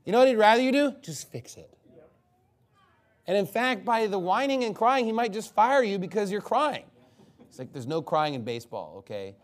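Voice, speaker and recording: A man preaching an expository sermon, animated and mocking, reading scripture aloud and breaking into impressions. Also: sits high, moderate pace.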